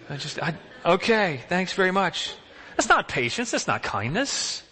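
A man gives a sermon in a church sanctuary, speaking in a fairly high voice. He keeps it conversational and asks his listeners many rhetorical questions. A long reverb hangs on his words. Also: very animated, moderate pace, bright, forceful tone. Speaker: pastor.

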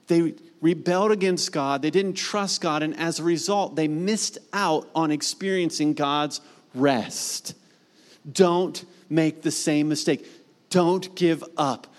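A man with a fairly high voice preaches a sermon. He reads scripture and then presses his listeners with questions. His pleas drop soft and slow, then rise again. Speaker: pastor.

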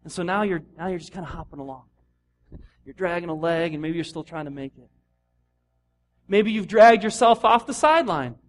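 A middle-aged male pastor with a high voice delivers a relaxed, conversational sermon. He talks casually with lots of restarts and slips into lively little voices for the people in his examples. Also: fairly quick, long pauses. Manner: conversational, animated, acts out voices of runners.

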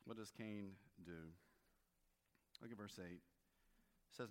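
A man preaching a sermon in a relaxed, conversational way, often restarting his phrases. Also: fairly low pitch, slow pace, long pauses. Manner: conversational, with frequent restarts and varied emphasis. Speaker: pastor. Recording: long hall reverb.

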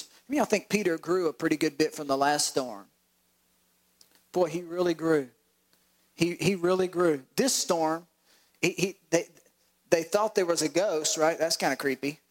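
A male pastor preaching a sermon, animated and acting out voices with laughs. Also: on the high side, moderate pace, rough recording.

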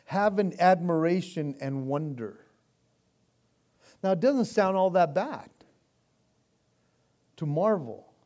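Man preaching a relaxed sermon with a fairly high voice, animated delivery and frequent restarts. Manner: casual, animated preaching with stammered restarts and laughs. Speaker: pastor.

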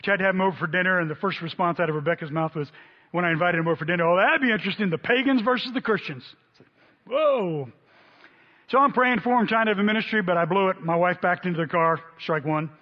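Animated high-voiced preacher man. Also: fast talker. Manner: animated storyteller, voices quotes loudly. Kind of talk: sermon storytelling. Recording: dull sound in a long-reverb hall.

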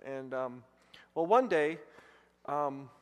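A male pastor preaching a sermon, telling a personal story and rising to loud, excited bursts. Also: fairly high pitch, takes it slowly. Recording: long hall reverb.

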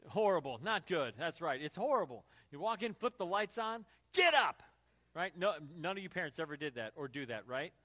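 A man's voice: fairly high pitch, big pitch swings, fairly quick, hardly any pauses, a bit bright. A man preaching a sermon as pastor, telling stories and acting out quotes. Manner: storytelling with acted quotes and laughs.

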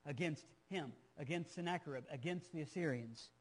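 A male preacher with a noticeably high voice teaches from scripture in an earnest, emphatic way. He doubles back on phrases for stress and turns to his listeners with casual asides. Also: moderate pace. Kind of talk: sermon, Bible teaching.

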